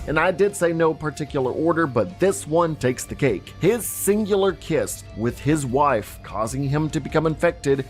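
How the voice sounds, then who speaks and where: A man hosting a reaction video, giving sarcastic, incredulous ranting commentary. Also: a little high.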